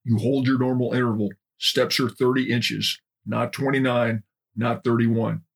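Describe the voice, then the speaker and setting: A man doing a bellowing drill instructor, profane, barking, gravelly, husky voice jumping high when he yells. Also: flat delivery, unhurried. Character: harsh bellowing male Marine drill instructor.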